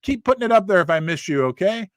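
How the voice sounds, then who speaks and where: A middle-aged man hosting a livestream in a casual chat style, reading viewers' names and places aloud in quick, animated bursts. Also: high voice, no room sound. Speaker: livestream host.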